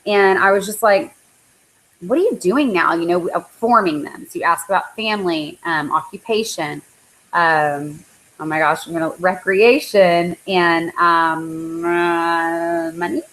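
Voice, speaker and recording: A woman with a lowish, steady, slightly bright voice speaks at a measured pace over a live online call, recorded roughly. Coaching her team, she keeps it casual and motivational, peppered with likes and ums.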